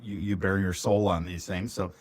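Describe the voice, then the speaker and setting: A man's voice: deep voice, moderate pace. A middle-aged man from Minnesota, co-hosting a podcast and telling childhood stories in a casual chat with an old friend, laughing often. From Minnesota, USA. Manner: animated storyteller, laughs often. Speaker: podcast co-host.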